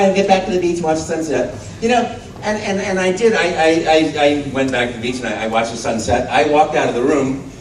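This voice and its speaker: Animated man telling a panel story. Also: on the high side, fast talker, far from the mic, a little hiss or hum. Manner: lively storyteller, acts out the other voices. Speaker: voice actor guest on a panel. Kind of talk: anecdote told to a fan panel. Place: large convention panel room. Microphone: phone held in the audience, far from the stage. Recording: echoey hall, phone from the audience.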